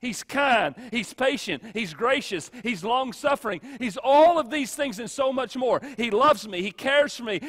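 A male pastor preaching a sermon, emphatic, with dramatic pauses and swings between loud and soft. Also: extremely high pitch, animated, in a large hall. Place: church sanctuary.

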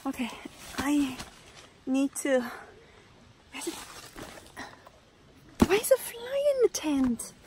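A woman's voice: high-pitched, very animated, slow pace, pauses often, noisy background. A woman vlogging to camera from inside a tent in a forest, talking dramatically with lots of exclamations. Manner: exclaiming, dramatic, keeps saying oh my gosh. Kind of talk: casual vlog to camera.

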